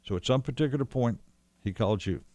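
A man's voice: medium pitch, fast talker, darkish tone, no room sound. A man casually recounting memories of an old friend, rambling with restarts and quoted dialogue. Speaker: storyteller guest recalling a friend. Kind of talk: casual conversational storytelling.

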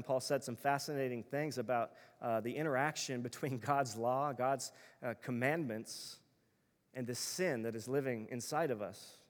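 A male pastor delivers a sermon in an earnest, emphatic manner, using repeated phrases to build his points. His voice is mid-range, and the sound suggests a big room.

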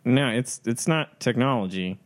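A man's voice: medium pitch, animated, normal speed. A man, a player in a tabletop game role-play, speaking in a wry, blunt way.

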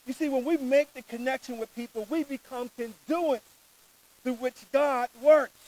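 A man's voice: very high voice, fairly even intonation, normal speed, darkish tone, rough recording. A man preaching a sermon, reading scripture aloud and stressing key words in an earnest preaching manner.

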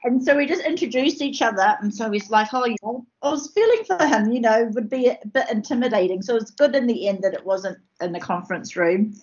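A woman, a producer telling a story in casual chat, lively and full of fillers. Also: on the high side, brisk, hardly any pauses. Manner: lively, laughing, lots of fillers. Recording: slightly muffled recording.

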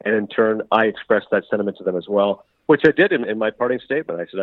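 A middle-aged man from Canada, a sports broadcaster chatting as a guest in an interview, who talks quickly and acts out the dialogue he quotes. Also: lowish voice, animated, no room sound. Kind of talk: casual interview chat. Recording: tinny phone-like line.

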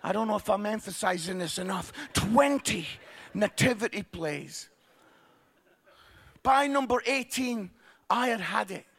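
High bright-voiced man telling comic stories. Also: a little slow, long pauses. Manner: animated, acts out characters, laughs along. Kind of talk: comic storytelling to an audience.

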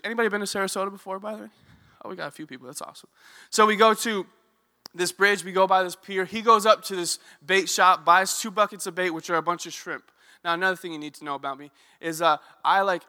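A young man giving a sermon, telling a lively personal story and asking the audience questions. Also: sits high, clear, resonant tone. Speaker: youth ministry director. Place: church hall. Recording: reverberant hall.

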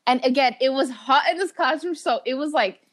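Young woman podcast cohost, chatty and giggly, kinda high voice, acts out the quotes. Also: fairly quick. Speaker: podcast co-host. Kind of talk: casual chat.

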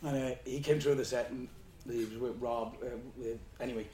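A man's voice: mid-range voice, fairly even intonation, fairly quick, mellow. A man speaking at a question-and-answer session, telling stories casually, swearing freely and laughing as he talks. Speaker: guest speaker on animation. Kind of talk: anecdotal Q&A talk. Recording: roomy hall with faint ambience.

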